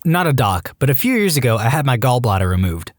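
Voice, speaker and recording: A man narrating Reddit stories for a podcast, his voice swinging widely in pitch as he reads. The sound is close and dry, with no room around it, and he slips eagerly into acted bits of dialogue. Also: fast talker, no room sound. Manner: animated reading that jumps into high-pitched acted quotes. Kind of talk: reading Reddit stories aloud.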